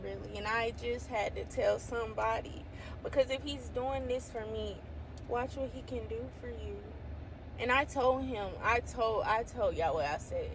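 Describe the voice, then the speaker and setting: A woman talking casually to camera about her faith, excitable and exclaiming often, sometimes reading scripture aloud. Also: fairly high pitch, moderate pace, slight background noise. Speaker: faith vlogger.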